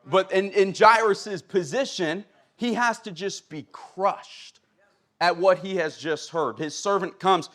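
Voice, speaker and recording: A young man gives a sermon in a fairly high voice. He reads the old scripture slowly, then retells it in relaxed, everyday words.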